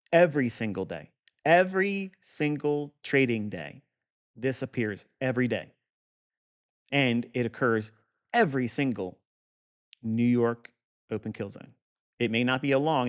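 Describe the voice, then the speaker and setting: Man, gravelly voice, mid pitch, blunt and profane, rambling live trading lesson, repeats himself for emphasis. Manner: blunt, profane, digressive, talks to the viewer directly; repeats key points for emphasis. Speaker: trading educator. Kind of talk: live market review lesson.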